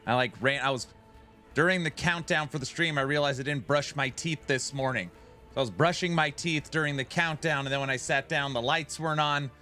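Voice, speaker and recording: A man's voice: fairly high pitch, bright, forceful tone, clear, resonant tone. A man hosting his own game live stream in a loose, joking way, greeting viewers in chat by name. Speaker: streamer host.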